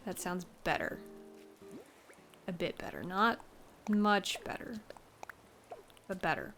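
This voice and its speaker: A woman's voice: on the low side, big pitch swings, slow, pauses often, fairly bright tone. A woman streamer chatting casually while she plays a game, wry and self-mocking with rambling asides. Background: faint game music.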